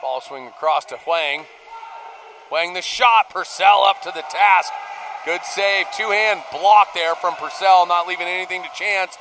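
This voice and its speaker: A man giving live play-by-play commentary, rising to shouts on big plays, heard over a noisy arena broadcast. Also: high-pitched, a little slow, a crowd in the background. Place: poolside at an indoor arena.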